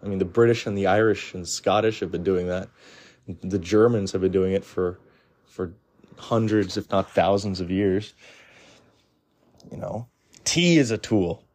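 A man talks through his opinions in a loose, blunt monologue, stumbling over restarts and filling gaps with "you know." His voice sits fairly low with a warm, mellow tone. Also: fairly even intonation, unhurried, pauses often.

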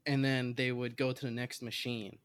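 A man's voice: mid-range voice, level tone, normal speed, a bit bright, clear, resonant tone. Guy rambling thru a funny self-deprecating story, regular mid voice, chatty podcast vibe. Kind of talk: casual chat.

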